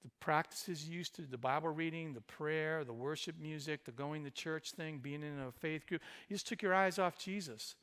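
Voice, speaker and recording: A male pastor preaching a sermon, swinging between loud emphatic passages and quiet, intimate ones. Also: on the high side, normal speed, few pauses, smooth. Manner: speaks in Jesus's voice to the listener.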